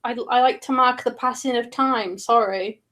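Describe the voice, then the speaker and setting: A woman's voice: on the high side, normal speed, fairly bright tone. A woman in casual chat, chatty and self-deprecating, often restarting her sentences.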